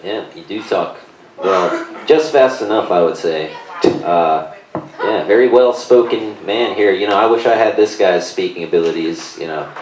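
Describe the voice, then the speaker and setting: A man chatting as a guest on a live podcast, halting speech full of fillers. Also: low voice, distant mic. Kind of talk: casual live podcast chat. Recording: echoey room, off mic.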